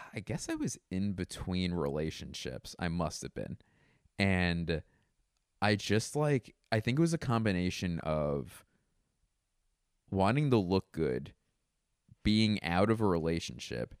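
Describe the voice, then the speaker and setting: A man's voice: lowish voice, clean tone, no echo, clean studio sound. A man around thirty talking in a casual, rambling monologue at home, often mocking himself and laughing. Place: indoors at home.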